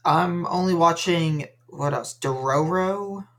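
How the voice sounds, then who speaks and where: A man's voice: on the high side, slow pace, fairly bright tone. A young man co-hosting a casual podcast, dry and rambling as he recaps episodes. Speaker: podcast co-host. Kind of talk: casual chat.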